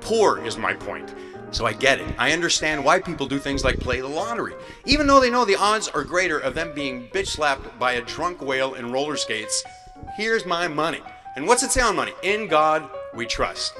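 A man delivering a playful comic monologue with animated, jumpy delivery, as a regular segment of a show. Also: brisk. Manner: animated, playful delivery with sudden jumps in pitch. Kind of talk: stand-up style comic monologue. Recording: echoey hall with guitar music behind.

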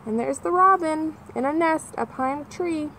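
A woman reading a children's picture book aloud as a nature center educator, animated and imitating bird calls as she points out the pictures. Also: high-pitched, normal speed, slight background noise.

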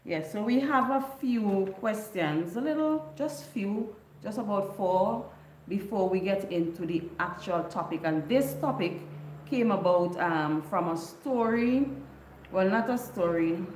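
A woman's voice: medium pitch, expressive, measured pace, darkish tone, echoey room, slight background noise. A woman from a Caribbean island, hosting a casual livestream chat, greeting viewers by name and laughing often. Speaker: livestream host.

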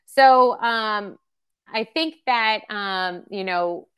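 Woman in her 30s or 40s, parenting webcast presenter, casual teaching talk, mid-pitched voice, chatty with fillers. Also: extremely slow, fairly bright tone, clear, resonant tone. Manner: chatty, with many fillers and acted-out example quotes.

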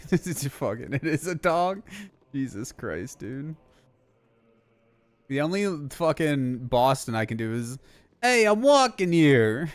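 A man's voice: mid-range voice, animated, takes it slowly, long pauses, no room sound, soft background music. A man streaming a game, chatting casually, swearing and joking.

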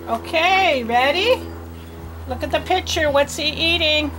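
A woman reading teacher leading a children's phonics lesson, sounding out letters in a slow, sing-song drill. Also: sits high, animated, background noise.

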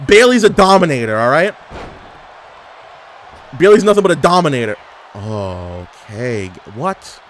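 A young man giving casual, animated gameplay commentary as a gaming YouTuber, trash-talking and exclaiming. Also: a little high, measured pace, long pauses, slight background noise. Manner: animated trash talk, frequent laughs and exclamations.

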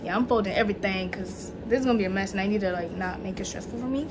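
A young woman chatting casually in a home vlog, excitable and gushing, full of slang, with faint noise in the background. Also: mid-range voice, racing. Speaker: vlogger. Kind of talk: casual haul vlog chat. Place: home room at night.

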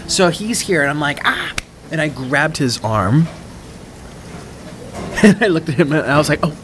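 A man eating on camera as a mukbang vlogger talks casually into his own microphone, rambling through a dramatic story and cutting himself off, all in a chatty manner. His fairly high voice has lively intonation and a moderate pace, and there's a little hiss or hum.

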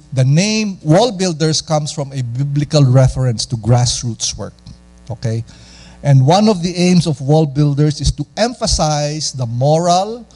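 A man from the Philippines with a Filipino accent, preaching a lively, conversational sermon and asking the audience questions. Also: on the high side.

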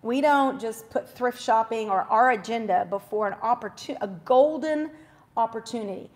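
Woman, forties, high voice, faith talk show host, chatty devotional storytelling, quick asides.

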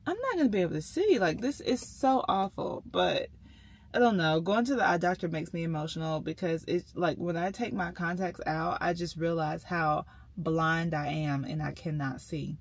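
A woman's voice: low-pitched, steady tone, moderate pace, creaky. Chatty woman vlogging. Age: 30s. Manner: chatty, frequent fillers, addresses viewers as y'all. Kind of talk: casual vlog chat.

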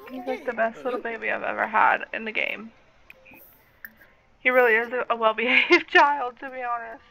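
A woman's voice: a little high, fairly even intonation, moderate pace, gravelly, pushed and bright, rough recording. A woman giving casual gameplay commentary, chatting to her game characters and slipping into baby talk. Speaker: game streamer.

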